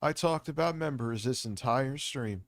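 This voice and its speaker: A man's voice: mid-range voice, moderate pace, dry recording, studio quality. A man hosting a casual livestream, talking in a rambling, jokey, off-the-cuff way. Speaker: livestream host.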